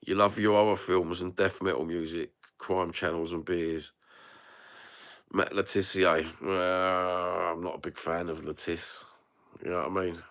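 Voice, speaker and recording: This middle-aged man from London speaks low and a little slowly, his level tone smooth and a bit bright. Reading chat as a livestream host, he rants bluntly, swearing freely in casual talk with his audience, captured by phone.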